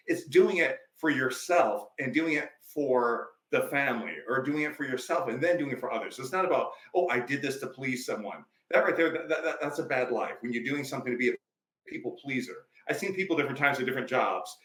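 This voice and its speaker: A man's voice: mid-range voice, fairly quick, fairly bright tone, echoey room, low-quality recording. A male life coach, a podcast guest, telling stories emphatically in a preachy, conversational way.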